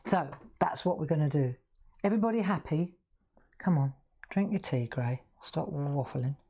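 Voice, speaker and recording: A woman's voice: deep voice, expressive, moderate pace, mellow, a little hiss or hum. A woman hosting a live craft demonstration, chatting to viewers and laughing often as she works. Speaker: craft show host.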